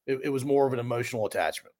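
A man's voice: medium pitch, very fast, darkish tone. A man hosting a podcast interview, summing up his guest's words before asking his questions. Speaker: podcast host.

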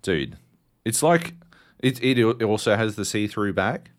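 An Australian man in his thirties co-hosting a casual podcast chat. He tells stories with lots of swearing. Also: measured pace. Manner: animated, swearing storyteller, jumps high in pitch for quoted outbursts. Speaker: podcast co-host.

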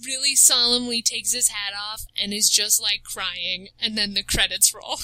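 A woman retells a story in lively, casual chat. She laughs often and fills her sentences with "like". Her voice is very bright and sharp, and the recording is close and dry. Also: mid-range voice, normal speed, dry recording, low-quality recording. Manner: animated storyteller, laughs often, says "like" a lot. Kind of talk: casual chat recapping a video game story.

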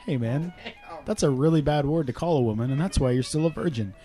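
A man's voice: on the high side, mellow, faint music behind. Teasing podcast host man. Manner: teasing, quick banter. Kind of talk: casual comedic podcast chat.

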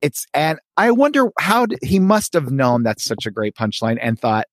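Animated man reading comics on a podcast. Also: a little high, normal speed, few pauses, dry recording, clean studio sound. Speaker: podcast host. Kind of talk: podcast discussion, reading comic strips aloud.

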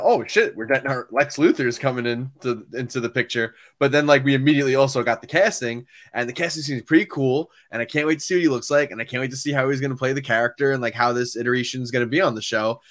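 A young man co-hosting a podcast in casual chat, excitable and quick to laugh. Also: medium pitch. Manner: animated and excitable, laughs easily. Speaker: podcast co-host.

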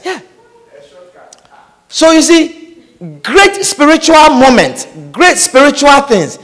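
A man's voice: very high-pitched, sing-song, slow pace, long pauses, fairly bright tone, in a large hall. A male preacher delivering a sermon, emphatic, repeating his lines and asking the congregation whether they follow.

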